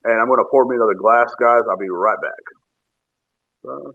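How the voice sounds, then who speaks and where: A man's voice: mid-range voice, fairly quick, creaky. A man hosting a casual podcast, ranting in a profane, joking, rambling way while drinking. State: drinking bourbon while talking. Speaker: podcast host. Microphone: phone. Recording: tinny phone-app audio.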